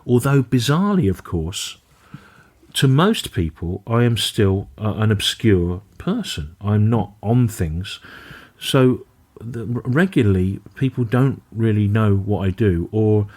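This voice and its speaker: A man's voice: lowish voice, lively intonation, measured pace, darkish tone. A middle-aged man, a comedian, telling stories in a wry, dry way with frequent asides. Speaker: comedian guest. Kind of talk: storytelling in casual conversation.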